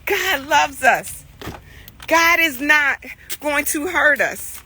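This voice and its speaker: A woman's voice: sits high, lively intonation, extremely slow, bright, forceful tone, slight background noise. A woman in her forties telling a family story that turns into a heartfelt morning message, earnest and emotional, repeating phrases for emphasis. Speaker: mother sharing a devotional. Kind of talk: heartfelt storytelling turning into preaching.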